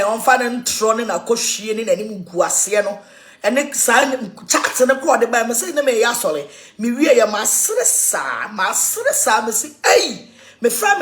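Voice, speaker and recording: A woman with a Ghanaian accent in an animated, mocking rant, laughing mid-sentence and switching between languages. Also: on the high side.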